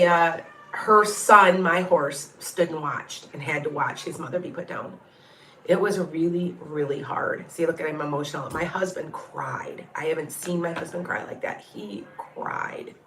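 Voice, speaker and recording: Rambling, heartfelt woman with a lowish voice. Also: fairly bright tone, reverberant. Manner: rambling, heartfelt, frank and a bit salty. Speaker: psychic medium and tarot reader. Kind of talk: casual livestream chat with viewers.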